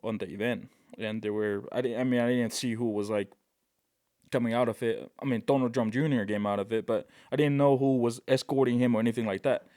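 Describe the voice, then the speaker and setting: Man from Tonga, podcast guest, excitable storyteller, dry close sound. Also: mid-range voice, fairly quick, dry recording. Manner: animated, excitable, peppers speech with "right?" and "bro". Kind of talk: casual storytelling.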